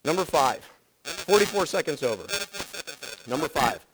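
High-voiced energetic preaching man. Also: moderate pace, over music, poor audio. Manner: energetic, emphatic repetition. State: voice strained from yelling. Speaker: pastor. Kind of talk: sermon.

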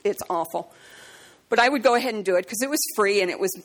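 A woman preaching a sermon, telling stories and acting out conversations in a raised voice, slowing down to stress key words. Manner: acts out dialogue in a high voice, slows for emphasis. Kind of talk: sermon with storytelling.

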